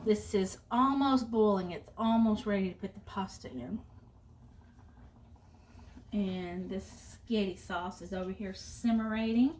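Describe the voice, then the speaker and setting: A woman's voice: medium pitch, slow, long pauses, darkish tone, far from the mic, a little hiss or hum. Middle-aged lady yakking away over the stove, stories and asides, voice kinda off-mic in an echoey kitchen. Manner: chatty storyteller, rambling asides. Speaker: cooking vlogger. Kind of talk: casual chat while cooking. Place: home kitchen.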